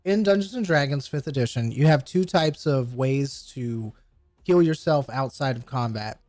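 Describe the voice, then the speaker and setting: A man's voice: medium pitch, normal speed, a little mellow, no room sound, faint music behind. A man running a tabletop game, patiently explaining rules and narrating scenes with loose fillers. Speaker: game master.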